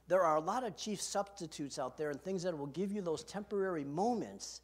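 A man's voice: fairly high pitch, lively intonation, a little fast, hardly any pauses. A man preaching a sermon as pastor from a podium, earnest and emphatic, asking his listeners direct questions. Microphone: podium microphone.

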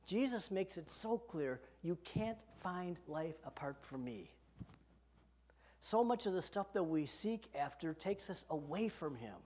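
A man's voice: a little high, expressive, unhurried, a little mellow, breathy edge. Earnest male pastor preaching. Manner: earnest and emphatic, asks the congregation questions directly. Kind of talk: sermon. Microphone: podium microphone.

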